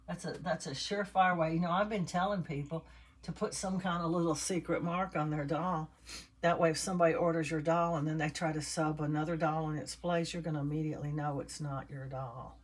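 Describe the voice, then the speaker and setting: An older woman with a deep, slightly rough voice stuffs and assembles a handmade doll. She chats casually with her viewers while working with her hands in this relaxed crafting vlog.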